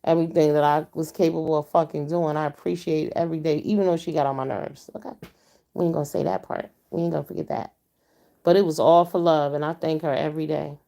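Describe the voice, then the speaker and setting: A middle-aged woman vents bluntly and with plenty of profanity to viewers in a casual vlog, tossing in frequent mm-hmms. Her voice is low, gravelly and warm, steady in tone and quick in pace.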